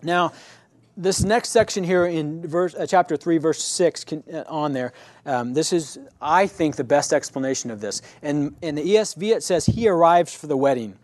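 A man's voice: on the high side, normal speed, darkish tone, no room sound. A man teaching a Bible study class in a conversational way. He keeps checking in with his listeners and often restarts or corrects himself mid-sentence.

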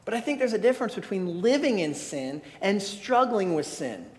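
High-voiced man preaching in a reverberant hall. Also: sing-song, normal speed, darkish tone. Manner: earnest, emphatic preaching with frequent restarts. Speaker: pastor. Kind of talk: sermon.

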